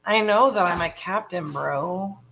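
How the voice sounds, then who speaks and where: A woman with a low, gravelly voice talks through her business on a live stream. She is frank and chatty, full of "um" and "you know", and speaks in a loose, casual way. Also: unhurried, a bit bright, low-quality recording. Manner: chatty, frank, many fillers. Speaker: real estate wholesaling co-founder.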